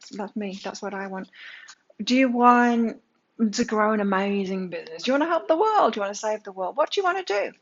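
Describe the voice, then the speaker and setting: A woman tarot reader with a mid-range, expressive voice speaks fairly quickly in slightly dull lo-fi sound. She delivers a daily tarot energy reading, talking emphatically and asking plenty of rhetorical questions.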